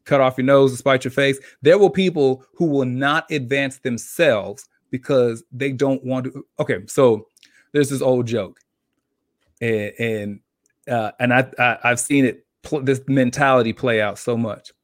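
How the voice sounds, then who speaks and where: Animated man telling a story, dry sound. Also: mid-range voice, measured pace, dry recording. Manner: animated storyteller acting out characters. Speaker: podcast co-host. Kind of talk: casual chat, telling a joke story.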